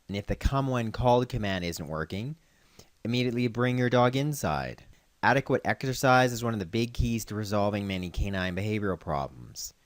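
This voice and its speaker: A man working as a veterinarian host, explaining dog training in a calm, instructional way. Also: fairly low pitch, dry recording. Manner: calm instructional, calling dogs loudly and praising them. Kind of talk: scripted narration with outdoor demonstration.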